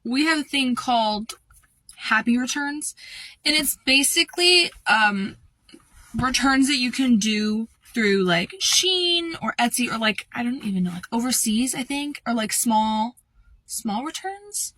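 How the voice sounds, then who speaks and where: A young woman recounts a work story in a loose, chatty ramble, packed with "like" and "um." Her voice is bright and forward. The recording is dry and close, with no room sound. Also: on the high side, animated, a little slow, dry recording. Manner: casual and rambling, full of fillers like "like" and "um". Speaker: retail worker. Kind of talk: storytime vlog.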